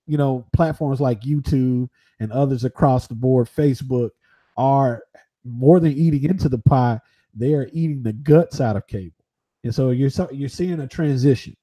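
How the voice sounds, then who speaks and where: A man giving his views as a boxing pundit in a casual livestream debate, halting and often restarting. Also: medium pitch, dark tone.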